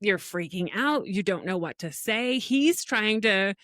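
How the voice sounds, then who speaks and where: A woman's voice: medium pitch, unhurried, dry recording, clean studio sound. A middle-aged woman co-hosting a podcast, telling stories animatedly in a casual chat and laughing often. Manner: animated storytelling with frequent laughs. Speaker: podcast co-host.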